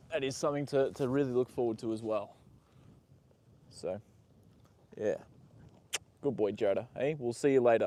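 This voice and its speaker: A young man live-streaming from a horse paddock, chatting with viewers and talking softly to his horse. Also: medium pitch. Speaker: livestream host. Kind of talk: casual live stream chat.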